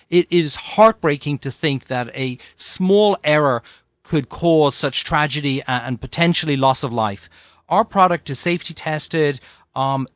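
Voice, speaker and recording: A man is a guest on a radio chat show. He pitches a product earnestly and tells lively anecdotes in a somewhat high voice. The sound is dry and close. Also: no echo. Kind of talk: casual radio interview. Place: radio studio.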